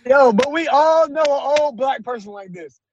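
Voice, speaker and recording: High-voiced man chiming in, muffled sound. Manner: excitable, chimes in with quick reactions. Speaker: podcast co-host. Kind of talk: casual chat.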